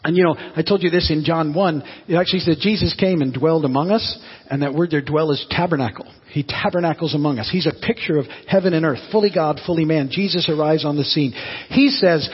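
A man's voice: a little high, fast, slightly rough, muffled recording. Man preaching in an echoey hall. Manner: folksy, tells corny jokes then teaches. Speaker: pastor. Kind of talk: sermon.

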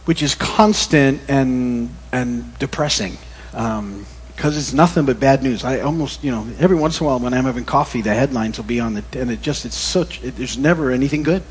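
A middle-aged male pastor giving a relaxed, conversational sermon that wanders into corny jokes. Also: medium pitch, a little fast, slightly rough. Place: church. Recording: long reverb in a church hall.

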